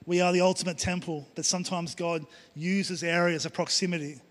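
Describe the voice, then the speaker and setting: A man's voice: high voice, fairly even intonation, a little fast, a bit bright. A middle-aged man preaching a sermon with emphatic, repeated phrases in a church. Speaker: pastor. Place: church hall. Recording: long hall reverb.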